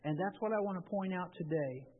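Husky man preaching in an echoing hall. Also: high voice, brisk. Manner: conversational preaching with repeated restarts. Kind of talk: sermon. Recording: tinny, phone-like with long reverb.

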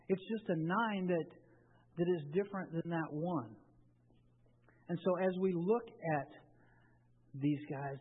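A man preaching a sermon in a conversational way, often restarting his phrases. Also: on the high side. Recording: tinny, phone-like with long reverb.

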